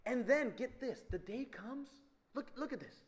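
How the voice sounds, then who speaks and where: A man with a high voice that swoops all over the place tells funny everyday stories to a crowd. He is animated and keeps slipping into the voices of the people he describes. It sounds like a humorous talk on stage. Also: moderate pace. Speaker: speaker addressing an audience.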